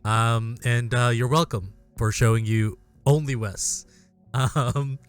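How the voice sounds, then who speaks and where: Chill player joking around, smooth clear voice. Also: mid-range voice, steady tone, slow, faint music behind. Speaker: player and producer. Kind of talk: casual chat.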